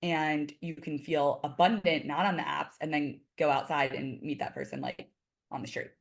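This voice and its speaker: A woman's voice: low-pitched, steady tone, moderate pace, gravelly. Chatty woman full of "like" fillers. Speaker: podcast guest. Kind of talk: casual chat.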